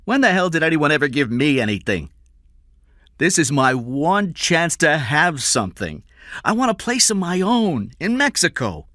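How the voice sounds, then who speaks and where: A man reading aloud and voicing a bitter male kidnapper who speaks softly and pleads. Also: on the high side, sing-song, normal speed, no echo, studio quality, pitched above the performer's own voice. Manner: soft-spoken, pleading.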